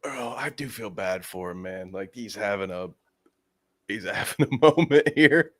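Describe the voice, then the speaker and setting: A man's voice: fairly low pitch, lively intonation, moderate pace, fairly bright tone, no room sound, clean studio sound. A middle-aged man co-hosting a podcast, making wry joking comments in casual chat. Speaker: podcast co-host. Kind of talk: casual chat reacting to clips.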